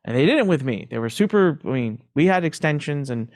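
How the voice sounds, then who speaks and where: A middle-aged man, a podcast guest, telling his story candidly in an emphatic, animated way and repeating phrases for emphasis. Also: a little high, brisk, no echo, clean studio sound.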